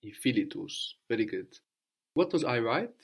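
A man teaching a language lesson, patiently prompting and repeating answers slowly. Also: medium pitch, big pitch swings, gravelly, breathy edge.

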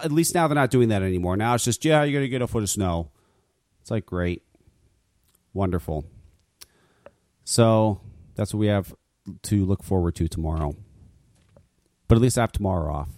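A man's voice: fairly low pitch, moderate pace, pauses often, no echo. A man hosting a talk radio show, ranting casually with lots of swearing and stammered restarts. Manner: profane, stammering rants.

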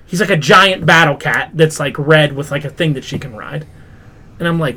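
A young man hosting a casual pop culture review podcast, recapping a show in an animated, exasperated way, full of "like" and swearing. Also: on the high side, moderate pace, a little hiss or hum. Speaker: podcast host.

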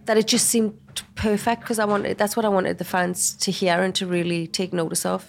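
A woman in her thirties from England with a Geordie accent, a podcast guest talking in a soft, reflective way. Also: mid-range voice, level tone, fairly quick, gravelly, a little hiss or hum. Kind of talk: casual chat.

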